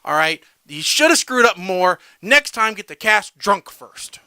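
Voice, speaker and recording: A man's voice: sits high, sing-song, unhurried, bright, forceful tone, clear, resonant tone, no echo. A man co-hosting a casual podcast, ranting and tagging his points with "all right?". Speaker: podcast co-host.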